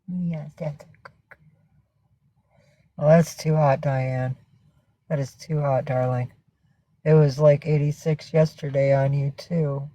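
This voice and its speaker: Slow-talking woman chatting on a livestream. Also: deep voice, steady tone, dark tone, no room sound, low-quality recording. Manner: rambling, profane, chatting to viewers and her cats. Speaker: livestream host. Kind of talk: casual livestream chat. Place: at home with her cats.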